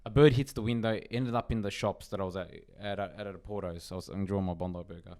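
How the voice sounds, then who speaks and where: A man telling a story in a casual podcast chat, animated, repeating his words. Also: on the low side, fast. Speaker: podcast co-host.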